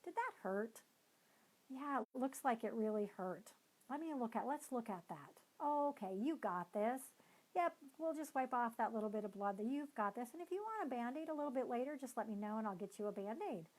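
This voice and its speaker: A parent talking to a child who has scraped a knee, as a woman acts it out. The voice shifts between fussing, brisk and calm, and sits somewhat higher than her usual speaking voice. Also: natural voice, poor audio. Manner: soothing and fussing, then brisk. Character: adult parent comforting a hurt child.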